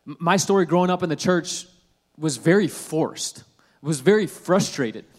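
A male pastor giving a sermon in a church auditorium, talking conversationally and slowing down to stress key words. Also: on the high side, in a large hall. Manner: conversational preaching with restarts and slowed emphasis.

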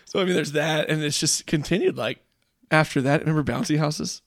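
Gravelly-voiced man telling a dad story. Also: on the high side, brisk, no echo, clean studio sound. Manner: rambling and reflective, many fillers. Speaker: podcast co-host; father. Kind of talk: casual storytelling chat.

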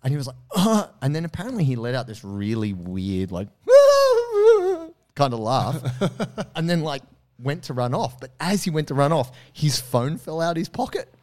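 A man hosting a podcast, telling a story in a casual, animated way, swearing freely and acting out the quotes. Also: mid-range voice, fairly quick. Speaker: podcast host.

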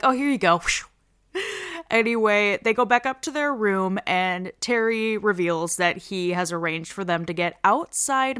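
Bright-voiced woman doing a crude comedy recap. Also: mid-range voice, smooth. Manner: casual, crude, joking. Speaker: show recap host.

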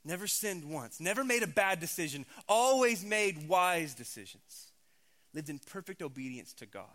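A man's voice: high voice, expressive, normal speed, pushed and bright. A man in his thirties, a pastor giving a conversational, emphatic sermon.

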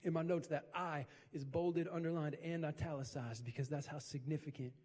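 A man's voice: a little high, fairly even intonation, moderate pace, darkish tone, big-room sound. A middle-aged man preaching a sermon as pastor, building emphasis through repeated phrases. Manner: preaching with rising, emphatic repetition.

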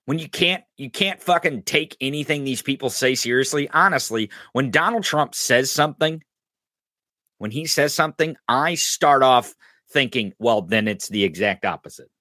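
Angry podcast guy cussing up a storm, kinda high voice, super dry close sound. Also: normal speed, sharp tone, no echo. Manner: angry, profane, mocking. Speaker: podcast host. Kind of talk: ranting political commentary.

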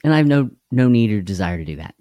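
A tired, worn-out man leads a live devotional in a relaxed, folksy way. He chats with his viewers and greets them by name. His voice is close and dry, with no room sound behind it. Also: lowish voice, fast talker, no room sound. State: tired and unwell. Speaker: devotional livestream host. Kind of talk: casual livestream devotional.

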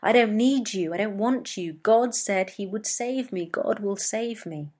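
A woman's voice: mid-range voice, measured pace, a little mellow, lightly acted. A woman voicing a stubborn, desperate drowning man in a story, with insistent refusals. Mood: defiant. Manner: pleading then defiant refusals.

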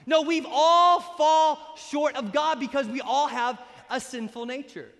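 High, bright-voiced energetic male preacher. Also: moderate pace, few pauses. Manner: energetic, joking, bursts into shouts. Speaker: pastor. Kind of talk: sermon. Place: church sanctuary during a baptism. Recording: echoey hall.

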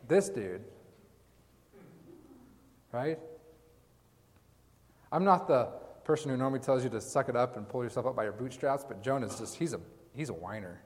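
Pastor, male, mid-pitched, preaching casually to a congregation with questions and quips, long hall reverb behind him. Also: lively intonation, moderate pace, long pauses. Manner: casual preaching, asks the congregation questions, mock-quotes Jonah. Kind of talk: sermon.

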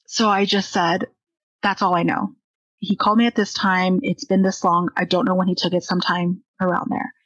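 A woman's voice: fairly low pitch, flat delivery, normal speed, a bit bright, no echo, lo-fi sound. A young woman candidly telling a personal story, acting out the dialogue she quotes.

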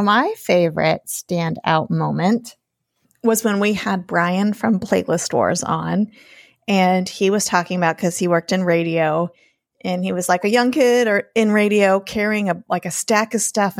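A woman's voice: on the low side, steady tone, measured pace, gravelly, no echo, studio quality. A woman co-hosting a casual podcast, laughing often and swearing freely. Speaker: podcast co-host.

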